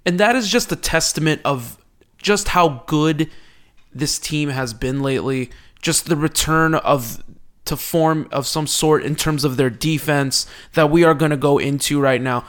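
A man co-hosting a casual sports podcast, excitable and quick to laugh. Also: a little high. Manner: excitable, laughs often, restarts. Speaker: podcast co-host.

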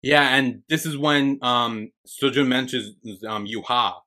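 Male podcast co-host, bright tone, animated and profane, casual recap. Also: a little slow. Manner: animated, swears freely, acts out characters' lines. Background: squeaky chair.

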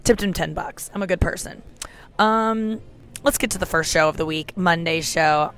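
With faint music in the background, a woman in her thirties hosts a casual solo podcast from an airport gate despite a sore throat. Chatty and candid, she mocks herself and swears freely, in a lowish, slightly bright voice at a moderate pace.

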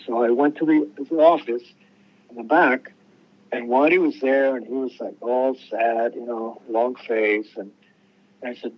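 A man, a musician interview guest, talks at normal speed in a mid-range voice with fairly even intonation, heard through lo-fi sound. He tells rambling, casual stories full of restarts, acting out quoted voices.

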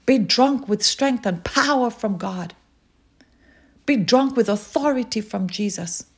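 A woman preaching a sermon, urging listeners with slow, repeated calls. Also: fairly high pitch, slightly rough. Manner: slow, repetitive exhortation.

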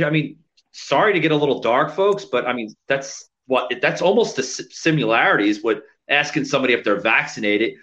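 A man's voice: mid-range voice, animated, moderate pace, bright, forceful tone, highs cut off. A man co-hosting a casual podcast, emphatic and incredulous, swearing freely. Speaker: podcast co-host. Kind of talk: casual profane chat.

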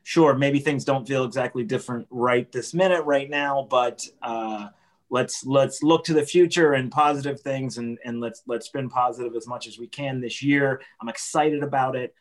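A man's voice: medium pitch, moderate pace. A man co-hosting a comedy podcast, joking around in casual chat, often restarting his sentences. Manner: joking, playful, with frequent restarts. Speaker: podcast co-host.

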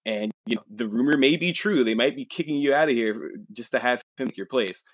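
A man's voice: mid-range voice, animated, brisk, no room sound, natural voice. A man doing a sly, scheming court minister. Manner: insinuating, needling. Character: sly, scheming male minister egging someone on.

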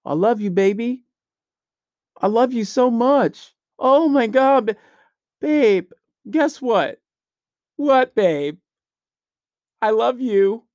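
A man's voice: very high-pitched, animated, slow pace, long pauses, darkish tone, dry recording, dull audio, voice pushed up, heavily acted. A man putting on the voice of a whiny, doting lovesick boyfriend in a mocking, gushing way. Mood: gushing mockery.

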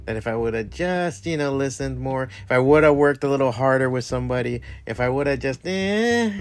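A man with Cuban family roots giving a blunt, rambling pep talk full of swearing. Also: medium pitch. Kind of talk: casual motivational monologue.

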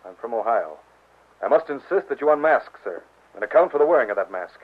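An actor playing a stern, suspicious army captain who speaks stiffly and formally, in an old radio drama. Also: male voice, medium pitch, lively intonation, a little fast, lightly acted. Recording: tinny old radio broadcast.

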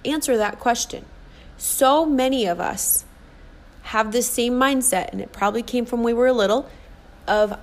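A woman's voice: fairly high pitch, moderate pace. A woman in her forties, a life and fitness coach, giving an earnest motivational podcast monologue and repeating key phrases for emphasis. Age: 40s.

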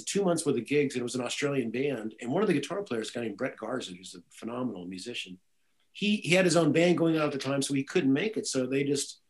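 Man, guest musician, casual interview, rambling storyteller, restarts, lively. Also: medium pitch, poor audio. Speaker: guitarist and music director, guest.

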